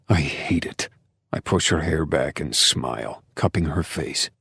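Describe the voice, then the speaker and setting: A man narrating a dark romance audiobook in the first person, with intense, emotional delivery and hushed passages. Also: rumbling low, unhurried, creaky, husky, dry recording, studio quality.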